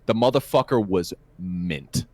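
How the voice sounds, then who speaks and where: A man's voice: sits low, a little slow, no room sound. A man co-hosting a podcast, telling a work story in a casual chat with lots of swearing. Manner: profane, animated storytelling. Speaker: podcast co-host.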